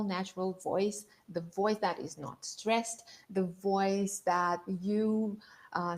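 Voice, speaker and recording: Woman coach, calm guiding tone, unhurried delivery, online breathing masterclass. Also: mid-range voice. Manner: calm, guiding, repeats herself to coach the listener. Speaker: leadership coach.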